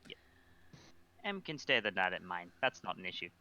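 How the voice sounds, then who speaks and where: A man describing his character in halting, filler-filled casual play, on a muffled lo-fi mic. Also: low voice, big pitch swings, bright, forceful tone. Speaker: player.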